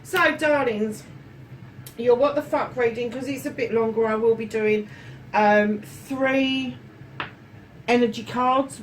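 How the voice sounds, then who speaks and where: A woman giving a casual tarot reading, chatty and affectionate, swearing freely and calling her viewers darlings. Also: on the high side. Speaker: tarot reader. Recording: slightly distant mic with faint room noise.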